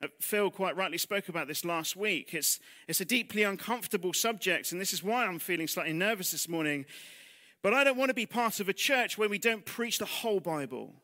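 Brisk and expressive, this man's high, sharp-toned voice leads a sermon in church. He chats with the congregation through rhetorical questions and humble jokes about himself, then dips almost to a whisper for the heavy moments.

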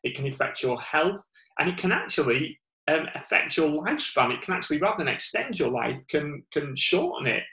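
A man's voice: a little high, animated, brisk, bright, forceful tone, roomy sound, low-quality recording. Northern English man preaching, rambling. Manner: rambling, many fillers and restarts. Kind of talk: informal sermon.

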